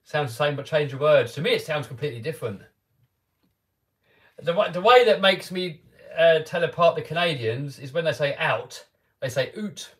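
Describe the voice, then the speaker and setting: A man's voice: fairly high pitch, expressive, moderate pace. A man with an English accent, talking casually and upbeat to viewers on a live stream, with lots of restarts and fillers. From England. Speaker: RC car YouTuber hosting a live stream.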